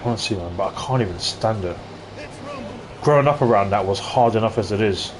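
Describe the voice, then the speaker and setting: A man's voice: fairly low pitch, a little fast, background noise. Rambling man streaming a retro game. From London. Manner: rambling, chatty, ranting asides. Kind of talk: casual live-stream chat while playing.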